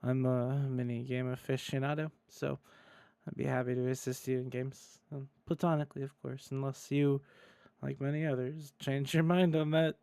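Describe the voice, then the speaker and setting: A man reading as a pompous, awkward online man courting a woman, in a flat deadpan delivery. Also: medium pitch, normal speed, vocal fry, smooth, dry recording, lightly acted. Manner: deadpan, stiff formal reading.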